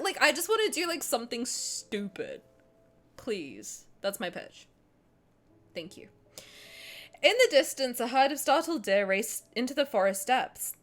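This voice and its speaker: Lively young woman streamer. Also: a little high. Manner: animated, joking, swears, breaks into giggles. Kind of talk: casual livestream chat, reading game text aloud. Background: faint game music.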